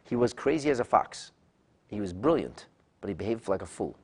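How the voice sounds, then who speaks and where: A man with a fairly low voice delivers a text-study lecture. He talks animatedly, often restarting and repeating words, and breaks into loud, dramatic bursts when he voices the people he quotes. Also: very animated, brisk, husky. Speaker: Torah teacher.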